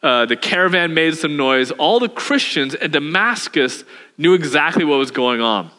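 A man preaching a sermon as pastor, animated and telling the story with humor. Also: fairly high pitch, moderate pace. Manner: animated storytelling, acts out voices with laughs. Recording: hall reverb.

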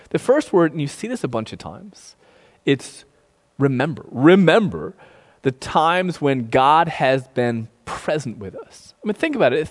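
A male pastor preaching a sermon in a relaxed, conversational way, often checking in with "right?". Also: medium pitch. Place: sanctuary streamed online. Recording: long reverb in a large room.

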